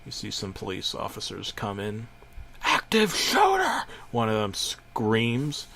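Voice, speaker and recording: Low-voiced man narrating mock horror. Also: steady tone, unhurried, vocal fry, crowd noise. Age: middle-aged. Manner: mock-serious, stammers over words. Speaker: creepypasta narrator. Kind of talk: parody horror story narration.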